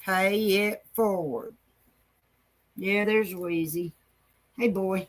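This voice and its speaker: A woman chats on a home livestream in a slow, unhurried drawl. Her talk is folksy and affectionate, full of fond words for her viewers and her dogs, and dogs can be heard around her. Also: mid-range voice, fairly even intonation. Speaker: livestream host. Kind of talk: casual livestream chat.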